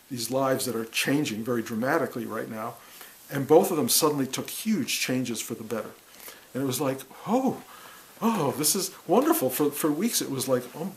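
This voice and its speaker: A middle-aged man teaching about awakening in a musing, reflective way, repeating words and breaking into animated bursts. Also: medium pitch, rough recording. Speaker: spiritual teacher. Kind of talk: reflective spiritual talk.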